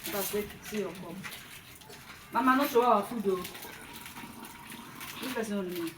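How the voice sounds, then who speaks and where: A woman's voice: mid-range voice, moderate pace. Coaxing Nigerian woman in echoey room. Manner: coaxing, calling family over. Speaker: vlogger feeding family. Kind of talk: casual family chat. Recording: echoey room, far from mic, noisy.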